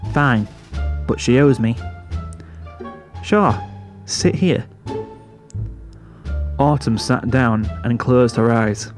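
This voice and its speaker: Man, narrator, fan fiction reading, steady storytelling, faint music. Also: medium pitch.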